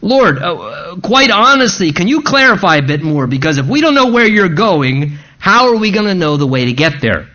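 A man doing a humble disciple, a high, lively voice that asks earnestly and hesitantly for a clearer answer. The sound is dull and lo-fi. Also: moderate pace, hardly any pauses, exaggerated voice. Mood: sincere. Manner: sincere, hesitant questioning. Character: humble earnest male disciple asking plainly.

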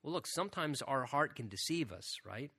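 A man's voice: medium pitch, lively intonation, normal speed, gravelly, pushed and bright, slightly rough. A man preaching a sermon as a pastor, speaking earnestly and often repeating "again" and asking "right?".

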